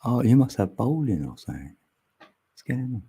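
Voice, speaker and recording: A man's voice: mid-range voice, big pitch swings, moderate pace, mellow, breathy edge. A man hosting a livestream, chatting casually with viewers and rambling through musings with frequent laughs, on a mic mounted on an arm extension. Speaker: livestream host.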